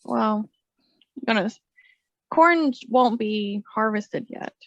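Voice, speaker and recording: A woman's voice: on the high side, extremely slow, no room sound, lo-fi sound. A woman co-hosting a podcast in casual chat, giggly and teasing. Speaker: podcast co-host.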